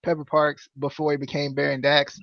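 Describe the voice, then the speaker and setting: A man's voice: fairly high pitch, completely flat delivery, fairly quick, vocal fry, dry recording, lo-fi sound. A man hosting a casual wrestling review podcast, rambling with lots of fillers, restarts and laughter. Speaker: podcast host.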